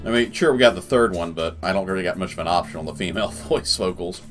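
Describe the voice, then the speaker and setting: A man's voice: sits low, fast talker, a bit bright, faint music behind. A man hosting a casual let's play, rambling chattily between reading the game's text aloud. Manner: rambling and chatty, full of fillers.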